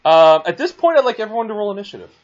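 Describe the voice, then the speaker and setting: A man's voice: high-pitched, sing-song, very fast. A man narrating as game master of a tabletop game, hesitant, often restarting his sentences. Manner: hesitant, full of restarts while describing. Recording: muffled lo-fi recording.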